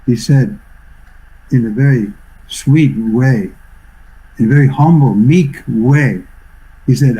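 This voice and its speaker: An older man from New York, a swami giving a devotional talk over a video call, telling stories reflectively and clearing his throat often. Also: medium pitch, unhurried, pauses often, warm tone, low-quality recording. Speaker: swami teacher. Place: online video session.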